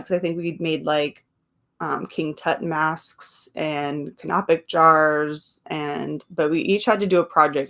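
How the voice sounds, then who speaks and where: Woman chatting on a live stream, reads out comments, laughs a lot, wanders off into little side stories. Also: on the low side. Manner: chatty, laughs often, trails off into asides. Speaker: livestream host. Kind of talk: casual chat reading viewer comments aloud.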